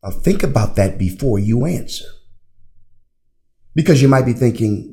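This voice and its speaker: A man's voice: mid-range voice, sing-song, moderate pace, long pauses, mellow. A man teaching theology in a classroom style, putting rhetorical questions to his listeners and answering them himself. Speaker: religion teacher.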